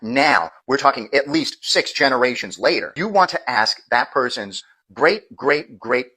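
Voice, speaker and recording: A man from the United States giving a measured, lecturing monologue that builds its argument step by step. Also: mid-range voice, bright, forceful tone, breathy edge, rough recording. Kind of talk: explanatory monologue clip.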